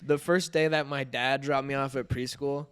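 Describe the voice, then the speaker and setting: Laid-back young man with a smooth voice. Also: mid-range voice, steady tone, moderate pace, a bit bright. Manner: laid-back, laughs often, says "dude". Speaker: podcast co-host. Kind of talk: casual chat.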